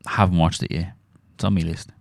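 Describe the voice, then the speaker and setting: Deep gravelly Irish man, sweary chat. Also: a little fast, no echo. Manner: sweary, animated storytelling. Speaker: podcast co-host. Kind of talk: casual chat.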